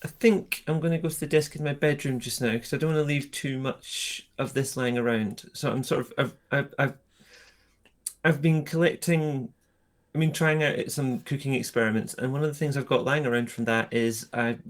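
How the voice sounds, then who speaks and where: A man's voice: medium pitch, steady tone, normal speed. A man playing a tabletop role-playing game, describing his character's doings hesitantly with many ums and restarts. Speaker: player.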